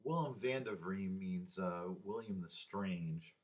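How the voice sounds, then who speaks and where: A man in his sixties talking through personal memories in a rambling, halting way, with sighs and restarts. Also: sits low. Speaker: vlogger. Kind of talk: casual personal monologue.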